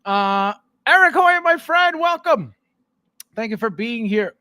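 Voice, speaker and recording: A man's voice: very high voice, lively intonation, a little slow, pushed and bright, dry recording. A man hosting a casual livestream, greeting viewers by name and laughing often. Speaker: podcast host.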